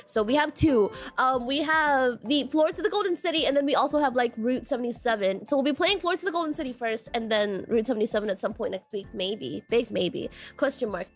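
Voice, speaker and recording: A young woman with a high, light voice chats at speed while streaming a game. She is bubbly and loops little phrases over and over. Soft music sits faintly under her voice. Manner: fast-talking, bubbly, repeats phrases. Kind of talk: casual game stream chat.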